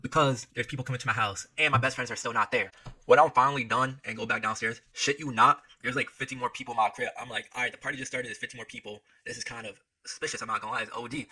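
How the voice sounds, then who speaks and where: Rapid-fire young man telling a story. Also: medium pitch. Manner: rapid, slangy, excitable storytelling. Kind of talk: casual storytime vlog.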